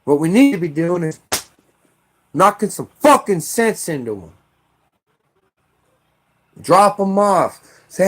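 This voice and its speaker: High-voiced american guy ranting hard, swearing, bursts of yelling. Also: animated, slow pace, long pauses. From United States. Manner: heated, profane, shouting bursts. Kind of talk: angry political rant.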